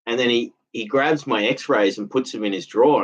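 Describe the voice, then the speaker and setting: A man with a mid-range voice and a breathy edge talks a little fast. As a vlogger in a casual monologue, he rambles with a sense of grievance and loops back to repeat himself, all in dull lo-fi audio.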